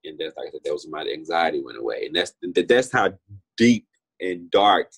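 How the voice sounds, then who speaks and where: Low, husky-voiced young man. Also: sing-song, fairly quick. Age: 20s. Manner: earnest, heartfelt, repeats himself often. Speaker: interview guest. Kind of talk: personal testimony in conversation.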